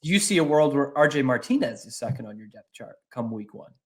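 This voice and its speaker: An easygoing man co-hosts a casual sports podcast, agreeing readily and putting questions to his partner. His voice sits at an average pitch for a man. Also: very animated, fast. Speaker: podcast co-host.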